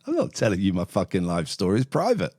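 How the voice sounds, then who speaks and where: A man's voice: low-pitched, huge pitch swings, quick pace, a little mellow. A man hosting a phone-in show, chatting casually with callers in a blunt, sweary, sardonic way. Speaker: phone-in host. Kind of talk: casual live-stream chat.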